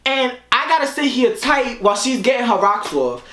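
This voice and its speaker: A man's voice: very high voice, big pitch swings, normal speed, pushed and bright. A young man, a guest friend, dramatically retelling a fight in casual chat, often laughing. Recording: echoey room, faint noise.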